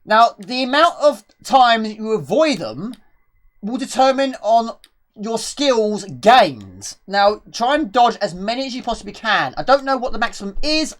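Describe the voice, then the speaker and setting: A woman streaming retro games live, chatting with viewers and reading game text aloud. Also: a little high.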